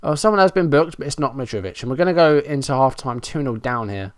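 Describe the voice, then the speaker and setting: A gaming YouTuber with a mid-range, animated voice talks fast, giving Let's Play commentary over a match. His running play-by-play is frustrated and self-mocking, recorded with no echo.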